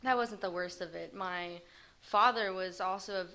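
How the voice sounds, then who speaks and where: A woman giving a personal testimony to a group. Her voice sits low for a woman yet sounds bright and forward. She speaks haltingly, pausing often as she recalls her past. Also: creaky. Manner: halting and hesitant, with frequent pauses. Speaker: recovery group member sharing her story.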